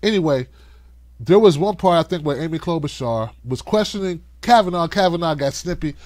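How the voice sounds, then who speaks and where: A man hosting a livestream of political commentary, talking in an animated, conversational way and cussing freely. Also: fairly high pitch, brisk, no echo, studio quality. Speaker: host.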